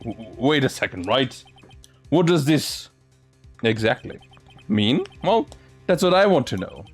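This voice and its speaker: A man's voice: mid-range voice, big pitch swings, a little slow. A man reading a courtroom game aloud and doing every character's voice himself, sometimes stumbling over words. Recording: faint music behind.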